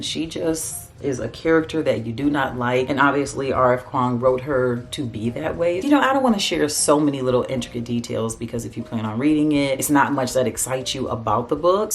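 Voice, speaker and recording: A woman chatting casually about books in a home vlog, animated and gushing, recorded in her bedroom. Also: very deep voice. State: out of breath. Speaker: booktuber. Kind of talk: casual book vlog chat. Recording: faint background noise.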